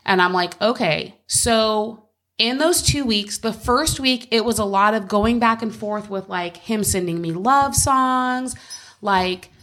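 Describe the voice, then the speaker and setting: A woman's voice: on the high side, slow, fairly bright tone. A woman co-hosting a podcast from home, telling a personal story in casual chat, candid and swearing freely. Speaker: podcast co-host.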